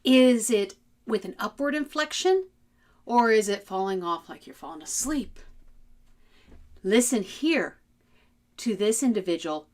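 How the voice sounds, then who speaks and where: A woman giving an instructional talk as a communication trainer, lively and melodic, demonstrating voices as she goes. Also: mid-range voice, unhurried, pauses often.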